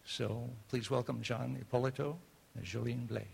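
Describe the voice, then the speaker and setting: A man hosting a seminar, introducing the speakers in a relaxed, rambling way with many fillers. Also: medium pitch, normal speed, vocal fry, very noisy. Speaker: host.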